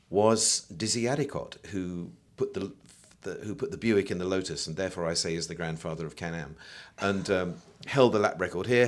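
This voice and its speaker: An older English man on a podcast, telling stories in an animated way and now and then singing a line. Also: sits low. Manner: animated storyteller, breaks into song. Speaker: guest, photographer and musician. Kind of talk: casual podcast chat.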